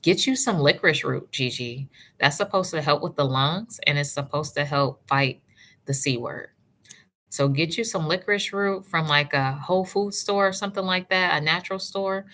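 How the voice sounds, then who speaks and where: A woman's voice: sits low, normal speed. A woman giving natural hair advice in a casual livestream, breaking off to greet chat viewers by name and calling them sis and love. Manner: warm, chatty, answers live chat by name, calls viewers sis and love.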